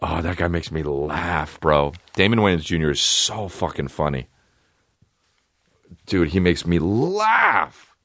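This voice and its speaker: A man in his thirties hosting a comedy podcast, ranting loudly and crudely, often jumping up into a high mocking voice. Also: slow pace, no echo. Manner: loud, profane, animated, jumps into high mocking pitch. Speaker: podcast host.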